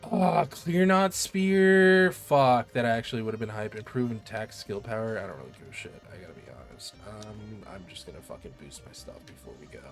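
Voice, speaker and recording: A man streaming a game, chatting casually in an excitable, rambling way and swearing freely. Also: lowish voice, fast talker, hardly any pauses, soft background music. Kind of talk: casual chat while gaming.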